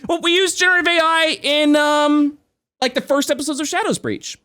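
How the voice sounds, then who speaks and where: A man's voice: very high-pitched, a little fast. A young man and podcast co-host in casual chat, swearing a lot and restarting his sentences. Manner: animated, swearing, trails off and restarts. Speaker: podcast co-host and game master.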